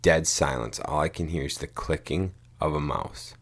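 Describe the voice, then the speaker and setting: A man's voice: very deep voice, normal speed, a bit bright, breathy edge. A man co-hosting a podcast, telling a rambling story in casual chat, swearing casually and saying "dude" and "like" a lot. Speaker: podcast co-host.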